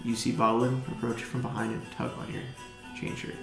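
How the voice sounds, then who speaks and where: A man narrating as game master, animated and laughing often. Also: mid-range voice, a little fast, gravelly, reverberant, over music.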